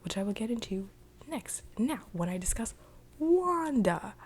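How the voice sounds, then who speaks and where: A woman's voice: medium pitch, animated, normal speed, mellow, husky. A young woman casually recapping a TV episode in a chatty, rambling way, full of "like.". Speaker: video reviewer.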